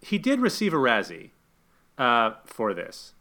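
Bright, dry-witted man critiquing a film. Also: medium pitch, huge pitch swings, a little slow. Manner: dry, critical, wry commentary with restarts. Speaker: podcast co-host. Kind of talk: casual movie review chat.

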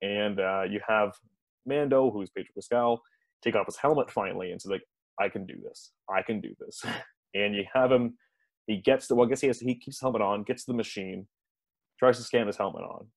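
A man's voice: lowish voice, a little fast, no echo. Rambling man recapping a show, dry mic. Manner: rambling, chuckles often, many fillers and restarts. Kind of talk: casual episode recap chat.

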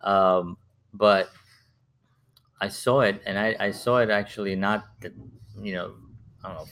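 A man's voice: fairly low pitch, steady tone, a little slow, a bit bright, slight background noise. A man in casual conversation, rambling and restarting, with lots of repeated words. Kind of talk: casual chat.

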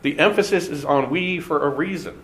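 A man teaching a Bible study class, speaking deliberately and stressing key words with pauses. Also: fairly high pitch, fairly bright tone.

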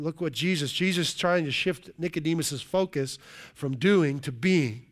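A man's voice: a little high, unhurried. A male pastor preaching a sermon, stressing and stretching key words and often checking in with "right?".

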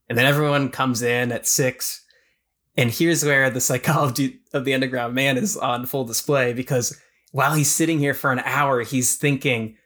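A man's voice: medium pitch, normal speed. A man co-hosting a podcast, casually discussing a novel and acting out the characters' thoughts as he retells the plot. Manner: animated retelling, acts out characters' lines. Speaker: podcast co-host.

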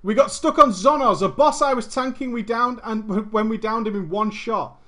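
A woman's voice: on the high side, normal speed, fairly bright tone. A woman casually reading a gaming story aloud, adding sarcastic asides and laughing often. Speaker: story reader and commentator.

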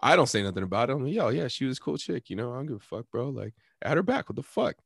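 A man's voice: medium pitch, big pitch swings, rapid-fire, vocal fry, a bit bright, husky, dry recording, studio quality. A young man telling a prank story in casual chat, laid-back and slangy, laughing often and acting out both sides.

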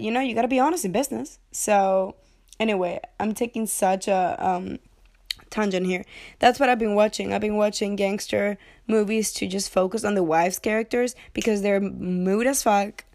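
A woman's voice: mid-range voice, darkish tone. Rambling, joking woman chatting about movies. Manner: rambling, jokey, swears freely, goes off on tangents. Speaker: movie review vlogger. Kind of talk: casual movie chat.

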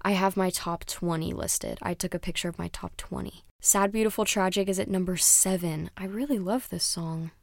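A woman's voice: lowish voice, normal speed, creaky, hardly any pauses, dry recording, studio quality. A young woman chatting casually as a music reviewer, rambling and dropping into whispered asides. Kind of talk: casual chat.

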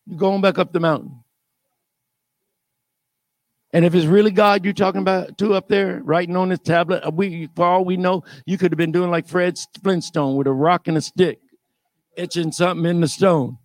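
A preacher voicing a grumbling defiant crowd. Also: male voice, high-pitched, fairly even intonation, brisk, no room sound, pitched below the performer's own voice, close to an everyday voice. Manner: sassy, repeating demands.

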